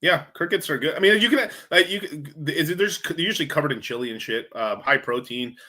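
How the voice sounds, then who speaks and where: Young guy streaming, bright punchy voice, swearing a lot, rambling with tons of "like" and "um". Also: a little high, animated, fairly quick. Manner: profane, loose, lots of fillers and restarts. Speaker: livestream host answering chat questions. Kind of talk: casual rambling storytelling. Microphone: streaming microphone.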